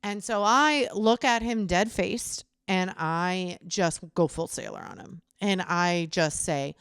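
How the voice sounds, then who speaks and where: A young adult woman co-hosting a podcast, animated and profane as she tells a story in casual chat. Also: lowish voice, takes it slowly, clear, resonant tone, dry recording, clean studio sound. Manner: animated, swearing, laughs while telling. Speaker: podcast co-host.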